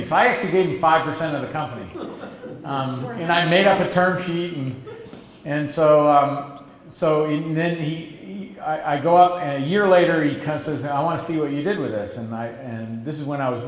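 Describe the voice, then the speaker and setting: A man's voice: on the high side, moderate pace, roomy sound, slight background noise. A middle-aged man in an interview, telling a long story in a loose, conversational way, full of restarts and acted-out quotes. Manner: rambling with restarts, acts out quoted voices. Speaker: interviewee, entrepreneur. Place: stage or meeting room, event interview.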